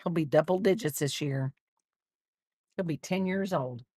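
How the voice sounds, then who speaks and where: A woman with a low voice chats casually while crocheting, teasing and fussing over her dog. She rambles and restarts her sentences. The sound is dry and close. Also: measured pace, warm tone, breathy edge, no echo. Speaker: crochet streamer.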